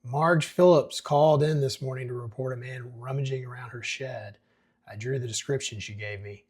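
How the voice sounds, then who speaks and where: A man's voice: mid-range voice, steady tone, normal speed, a little mellow, breathy edge, lightly acted. A man reading the lines of an earnest, nervous deputy giving a worried report.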